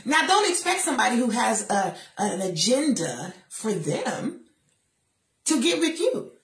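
A middle-aged woman giving a faith-based motivational talk from a chair, emphatic and sassy, with lively asides to her listeners. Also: fairly high pitch, a little slow, roomy sound. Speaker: motivational speaker. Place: seated in a chair.

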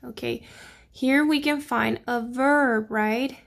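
A woman's voice: a little high, fairly even intonation, creaky. A woman teacher, patiently walking children through a grammar lesson and checking in with them often. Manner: slow, patient, checking in with "okay?" and "right?".

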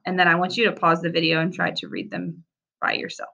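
A woman teacher giving a recorded reading lesson for young children, sounding out words slowly and clearly. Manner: slow, clear, sounding out words with animated pitch.

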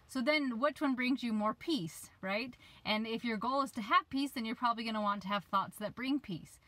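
A woman's voice: a little high, brisk, few pauses, a bit bright, poor audio. A woman in her thirties, a life coach, giving casual advice from her parked van, chatty and sometimes losing her train of thought. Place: parked van, rain outside.

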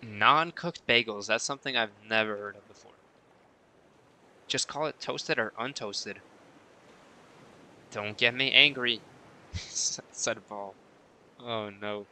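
A man's voice: lowish voice, slow, pauses often, bright, forceful tone, a little hiss or hum. A man chatting casually on a live stream while he plays, reading viewer messages aloud and answering them playfully.

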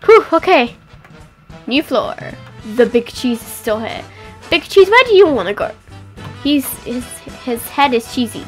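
Woman, game commentary, excitable, lively swooping pitch, unhurried. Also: soft background music. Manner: excitable, cries out and exclaims. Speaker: gameplay commentator.

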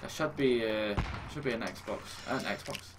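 A young man talks casually over his gameplay. He mocks himself, swears freely and lets out sudden exclamations. Game noise sits clearly behind his voice. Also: lowish voice. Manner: self-mocking, swearing, quick to exclaim. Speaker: gaming YouTuber.

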